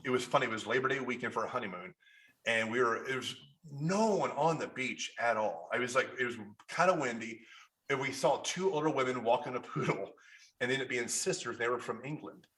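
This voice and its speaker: A guest photographer from Kentucky, USA, with a Kentucky accent talks quickly in a bright, forward, mid-range voice. In a casual interview he rambles through anecdotes as an animated storyteller, restarting sentences and acting out the people he quotes.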